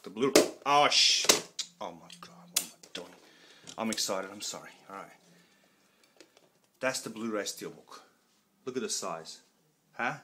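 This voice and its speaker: A man talking excitedly in a home unboxing vlog, loud, swearing and repeating himself. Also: lowish voice, background noise. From Australia. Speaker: collector showing off a box set. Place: room at home.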